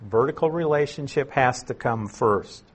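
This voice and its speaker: A man teaching through a Bible passage verse by verse as an elder, unhurried, explaining words and repeating key phrases for emphasis. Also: mid-range voice, breathy edge.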